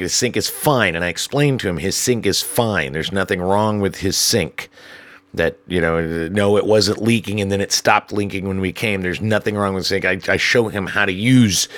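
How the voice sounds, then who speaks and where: Animated male storyteller, dry sound. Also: no echo. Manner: animated, acts out dialogue with raised pitch, profane. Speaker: hotel manager telling work stories. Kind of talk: casual storytelling.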